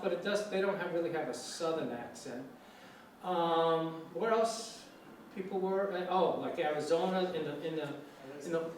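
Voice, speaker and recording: A man from New York City giving an informal talk as a guest lecturer on English, relaxed and chatty with many fillers and restarts. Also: fairly high pitch, recorded from a distance. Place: university lecture room. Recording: echoey room, from afar, faint hiss.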